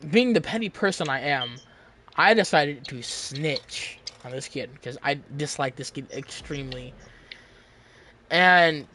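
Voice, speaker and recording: A man's voice: fairly high pitch, fairly bright tone. A young man in his late teens, telling a story in casual chat, rambling with lots of fillers and restarts.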